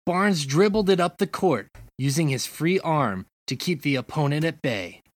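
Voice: medium pitch, animated, no echo. A podcast co-host who teases the others and reads out a comedy sports skit. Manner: slow, teasing delivery. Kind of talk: casual chat and reading a comedy skit.

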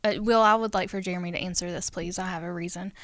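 A woman's voice: lowish voice, steady tone, fast, a bit bright, dry recording. A woman hosting a podcast in casual chat, rambling along with many ums, speaking close into a podcast microphone. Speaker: podcast host, teacher. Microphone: podcast microphone close to her face.

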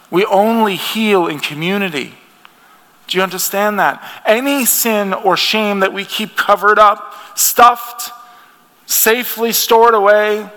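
Gravelly, bright-voiced man preaching in a hall. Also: fairly high pitch. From United States. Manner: earnest, conversational preaching with restarts. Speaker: pastor. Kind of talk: sermon. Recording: long hall reverb.

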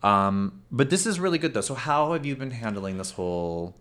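A man hosting a podcast and chatting casually as an actor about auditions, animated, laughing often and swearing freely. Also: medium pitch, moderate pace. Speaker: podcast host. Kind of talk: casual chat.

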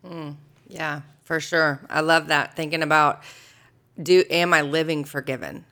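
A woman's voice: low voice, fairly even intonation, unhurried, fairly bright tone. A woman co-hosting a casual faith podcast, chatty and playful. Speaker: podcast co-host.

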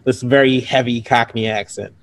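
A man's voice: mid-range voice, fairly even intonation, normal speed. A man casually reviewing movies as a podcast co-host, rambling and laughing often.

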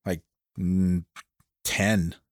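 A man with a somewhat low voice chats casually as a podcast co-host. He teases his friend and laughs often. The sound is dry and close. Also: little pitch movement, very slow, no echo. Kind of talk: casual banter.

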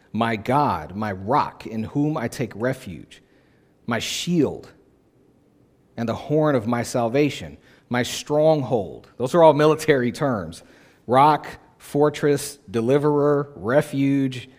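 A man's voice: mid-range voice, a little mellow. Emphatic male pastor preaching a sermon. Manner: emphatic, repeats key phrases for effect; conversational, plain-spoken preaching.

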